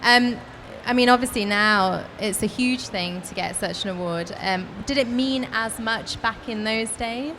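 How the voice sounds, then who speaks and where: Higher-voiced woman interviewer over background noise. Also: unhurried, few pauses, poor audio. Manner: short encouraging reactions, relaxed questions with fillers. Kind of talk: stage interview questions. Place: convention stage.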